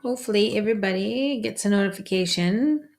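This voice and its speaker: A woman's voice: mid-range voice, a little fast, gravelly. A woman, a psychic medium, hosting a casual livestream in a chatty, rambling way and greeting viewers by name.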